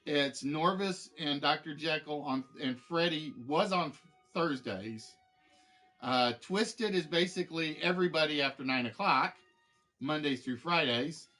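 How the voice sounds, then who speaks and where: Male stream host, casual rambling chat, slightly higher pitch. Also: unhurried, pushed and bright, soft background music. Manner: rambling, many fillers and restarts. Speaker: game show streamer host.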